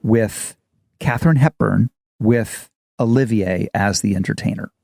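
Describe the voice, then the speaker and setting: A man in his fifties, an actor co-hosting a podcast, chatting casually as an animated storyteller. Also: fairly low pitch, unhurried, gravelly, dry recording, clean studio sound. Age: 50s. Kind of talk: casual chat.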